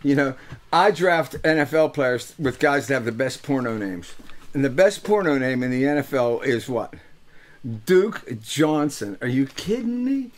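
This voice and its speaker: Joking older man. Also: on the high side. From Pittsburgh, USA. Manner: joking, teasing, swearing, with lots of fillers. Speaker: host and musician. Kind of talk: casual comic monologue to a webcast audience. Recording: live webcast audio.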